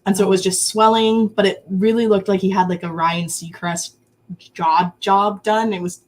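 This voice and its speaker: A woman in her early twenties talks as a guest in a relaxed chat, with a pitch in the usual middle range. She tells stories animatedly and laughs often. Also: moderate pace. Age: 20s. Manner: animated, lively storytelling with frequent laughs. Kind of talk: casual chat.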